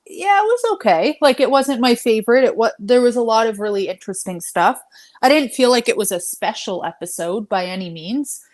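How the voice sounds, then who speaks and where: A woman's voice: a little high, lively intonation, fairly quick. A woman co-hosting a live wrestling watch-along, talking casually, laughing often, hedging with fillers and swearing now and then. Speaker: live stream co-host.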